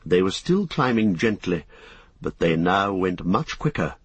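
Husky low-voiced male audiobook narrator. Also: sing-song, no room sound, highs cut off. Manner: measured, descriptive reading.

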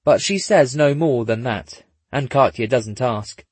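A man narrating a story in a husky voice, dropping in dry, wry asides. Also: medium pitch, measured pace, dry recording. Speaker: audiobook narrator. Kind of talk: scripted narration.

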